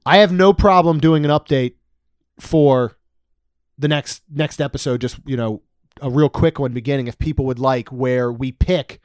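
A male podcast co-host chats casually about theme park costs, reading out prices and tossing in jokey asides. His mid-range voice is clear, resonant and a little mellow at a moderate pace, captured in a dry, clean studio recording.

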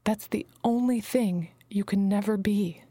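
A woman's voice: mid-range voice, measured pace, mellow, breathy edge, dry recording. A woman voicing a motherly female healer who calls everyone her babies, speaking soothingly and sometimes dropping to a whisper, in a dry recording. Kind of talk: audiobook character reading.

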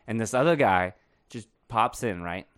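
A man's voice: fairly low pitch, expressive, moderate pace, a bit bright, smooth. A man co-hosting a podcast in casual chat, telling joking stories and laughing often. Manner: jokey storyteller, laughs often. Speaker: podcast co-host.

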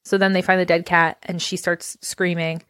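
A woman in a casual podcast chat, recapping scenes and quickly acting out the characters' lines. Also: lowish voice, level tone, fairly bright tone, no room sound. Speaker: podcast co-host.

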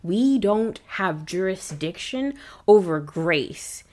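A woman co-hosting a casual Bible discussion podcast, retelling the story earnestly with lively asides. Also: medium pitch, slow. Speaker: podcast co-host.

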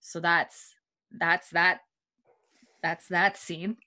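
Low-voiced woman recapping casually. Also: very slow. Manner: animated storyteller, swears casually. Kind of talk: casual chat recapping a TV episode.

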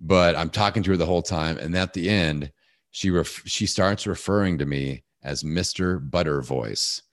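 Man with a very deep voice. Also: moderate pace, no room sound, studio quality. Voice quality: deep, big voice. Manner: animated storyteller, acts out voices. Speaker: podcast guest, podcast coach. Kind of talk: casual interview talk.

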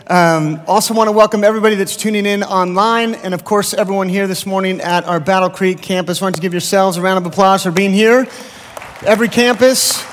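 A man in his thirties, a guest pastor, opens a sermon with chatty, self-deprecating stories full of fillers, speaking from a church stage. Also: high-pitched. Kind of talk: sermon introduction, casual storytelling. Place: large church auditorium. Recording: long hall reverb.

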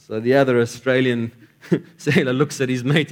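A preacher with a steady, mid-range voice speaks fairly quickly as he delivers a sermon to his congregation. He's conversational and anecdotal, restarting and repeating words while building his points.

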